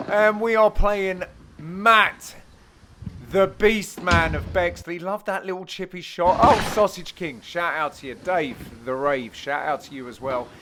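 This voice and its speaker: Cheeky high-voiced man commentating. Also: fairly even intonation, measured pace, background noise. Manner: cheeky, self-mocking banter with frequent laughs. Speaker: host and player commentating his match. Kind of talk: jokey voice-over commentary on match highlights.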